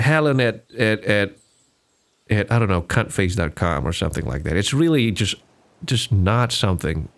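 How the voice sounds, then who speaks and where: A man, hosting a casual solo podcast, rambling with lots of fillers and restarts. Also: lowish voice. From Singapore. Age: 20s. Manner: rambling, frequent fillers and restarts, laughs often. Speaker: podcast host.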